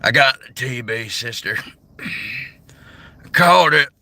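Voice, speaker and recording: A weary outlaw cowboy drawls in a gruff, gravelly voice, pitched a little above the speaker's own and sharply bright, as a man puts him on. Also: lively intonation, slow, exaggerated voice.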